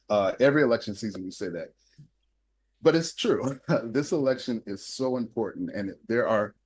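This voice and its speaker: A man's voice: lowish voice, rough recording. A man hosting a live online event over a video call, effusive and upbeat, laughing often as he introduces guests. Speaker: event host.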